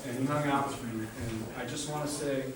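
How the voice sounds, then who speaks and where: A man's voice: medium pitch, steady tone, a little fast, background noise. Man giving a eulogy, storytelling, distant mic, big reverb. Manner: storytelling, laughs often, chokes up near the end. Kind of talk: memorial speech with stories. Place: memorial hall. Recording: distant mic in echoey hall.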